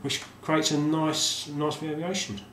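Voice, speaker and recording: A man's voice: on the high side, flat delivery, unhurried, a bit bright, slight background noise. A man casually showing off his game collection, rambling and hesitant with lots of ums and restarts. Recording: roomy sound with faint ambience.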